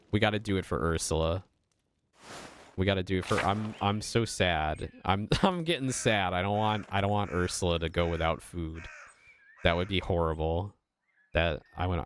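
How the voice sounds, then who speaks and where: A man's voice: sits low, a little hiss or hum. A man streaming a game, chatting casually and swearing freely. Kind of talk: casual gaming commentary.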